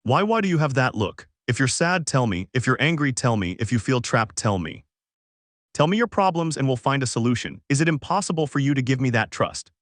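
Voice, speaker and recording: A man reading the lines of a distressed, dignified elf woman in a fanfic story, with an even, unhurried delivery. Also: medium pitch, no echo, studio quality, close to an everyday voice. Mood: pleading.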